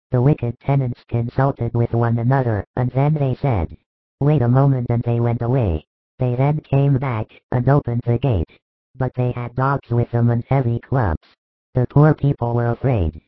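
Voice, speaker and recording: A man's voice: medium pitch, steady tone, moderate pace, dry recording. Solemn male reader, tinny phone-like sound. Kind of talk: scripted narration of a religious parable.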